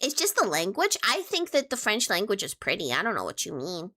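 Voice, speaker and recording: A woman's voice: medium pitch, wildly swooping pitch, brisk, pushed and bright. A young woman streamer chatting casually with her viewers, playful and teasing as she answers questions.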